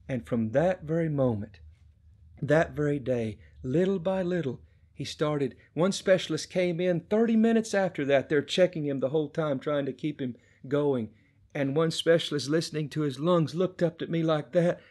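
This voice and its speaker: A middle-aged man preaching a sermon, telling a testimony with passion and swinging between hushed and loud delivery. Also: on the high side, moderate pace.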